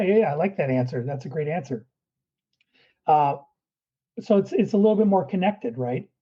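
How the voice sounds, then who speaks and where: A man's voice: on the high side, warm tone, husky, dull audio. A man who is a guest performance coach, talking earnestly through breathing steps in a podcast interview.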